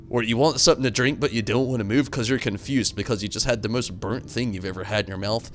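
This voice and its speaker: A young man streaming a game, rambling through animated stories and chatting with viewers at a desk mic. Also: lowish voice, racing, few pauses, slight background noise. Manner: rambling, animated storytelling with swings into loud outbursts; reads out and answers viewer chat. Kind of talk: casual live-stream commentary.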